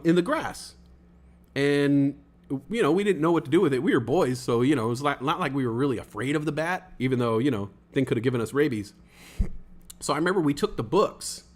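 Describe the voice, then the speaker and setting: Young guy streamer rambling thru a story, lots of like and you know, voice sits a bit high. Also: fairly bright tone. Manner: rambling, many fillers, acts out other people's voices. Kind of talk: casual storytelling chat.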